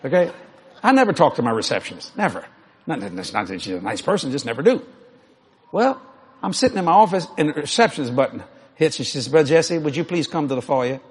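An older man, preaching a storytelling sermon that acts out dialogue and climbs toward near shouts. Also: a little high, very animated, fast talker, husky.

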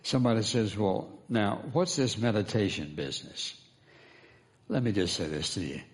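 A man's voice: fairly low pitch, expressive, moderate pace. A man as pastor, preaching a sermon, calling for responses from the congregation and repeating key phrases for emphasis.

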